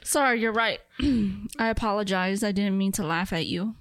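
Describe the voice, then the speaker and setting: A woman's voice: mid-range voice, moderate pace, a bit bright, clean tone, dry recording. A woman co-hosting a podcast in casual banter, dry and teasing, laughing often. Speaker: podcast co-host.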